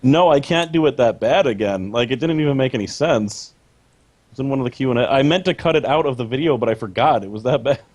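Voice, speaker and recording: A man's voice: mid-range voice, fast, a little mellow. A man co-hosting a gaming podcast in casual chat, laid-back and self-deprecating, laughing often. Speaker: podcast co-host.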